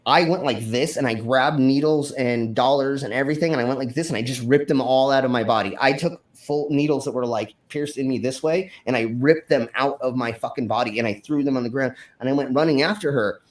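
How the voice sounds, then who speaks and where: A man's voice: mid-range voice, brisk, hardly any pauses. A man hosting a stream, telling a wild story from his past in a rambling, profane way with many fillers and restarts. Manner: acts out his own shouted lines in the story. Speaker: stream host. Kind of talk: casual storytelling.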